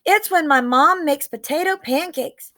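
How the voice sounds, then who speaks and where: A woman's voice: high-pitched, unhurried, a bit bright. A woman voicing a chatty, confident young schoolboy in a read-aloud storybook.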